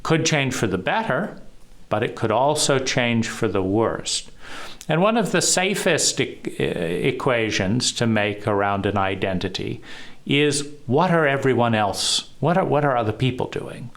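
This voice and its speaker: A man giving a reflective solo talk on trauma, measured and pausing often. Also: mid-range voice, very animated, fairly bright tone. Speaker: trauma educator.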